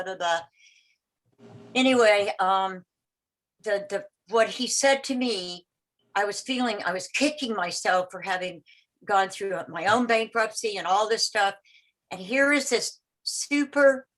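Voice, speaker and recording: A woman in her sixties on a video call, telling a personal story in a rambling, halting way, full of restarts and repeated words, and acting out the voices of the people in it. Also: medium pitch, fairly bright tone, rough recording. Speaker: meeting participant sharing a story.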